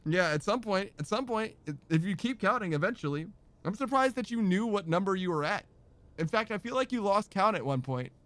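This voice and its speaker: A man's voice: sits high, animated, a little fast, fairly bright tone, no echo. A man narrating a game playthrough, joking and laughing often between the passages he reads aloud. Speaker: streamer reading a game aloud.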